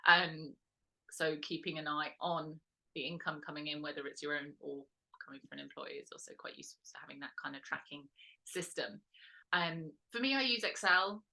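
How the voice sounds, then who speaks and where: A woman leads a casual workshop in a low, bright and forceful voice. She talks in a loose, rambling way, correcting herself and filling pauses with "um". She sounds like a host chatting her way through her teaching points. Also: creaky. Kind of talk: casual instructional talk.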